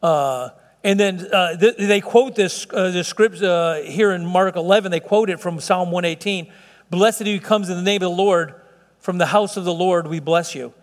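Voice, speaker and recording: A man with a high voice delivers a sermon, lingering on words for weight and lifting his voice as he presses a point. His voice rings out with the long reverb of a large hall. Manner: preaching with slowed, stretched emphasis and rising intensity. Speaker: pastor.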